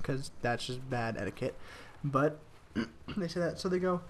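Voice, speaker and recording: A man's voice: fairly high pitch, lively intonation, moderate pace, a little hiss or hum. A young man telling rambling work stories in casual commentary over a video game, with restarts and the odd swear. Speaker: gaming commentator.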